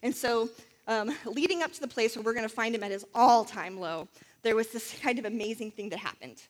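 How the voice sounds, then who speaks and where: A woman's voice: on the high side, brisk, in a large hall. A woman telling a Bible story in a chatty sermon, with many fillers and asides. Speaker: Bible teacher.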